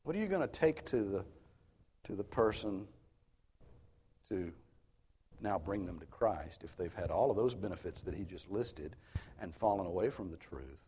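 A man's voice: low voice, expressive, moderate pace, pauses often, mellow, husky. A man preaching an expository sermon, earnest and emphatic, posing rhetorical questions as he teaches. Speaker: pastor.

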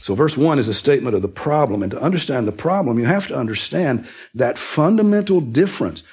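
A man preaching a sermon, teaching earnestly and rising sharply in pitch to stress key words. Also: lively intonation, fairly quick, hardly any pauses, darkish tone, husky. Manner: earnest, emphatic teaching with sudden rises in pitch for emphasis. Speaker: pastor.

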